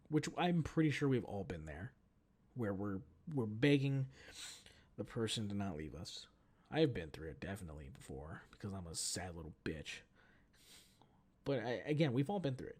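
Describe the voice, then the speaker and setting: A man's voice: on the low side, animated, moderate pace, a little mellow. A man hosting his solo podcast, telling a story in a casual, profane, self-mocking rant. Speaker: podcast host.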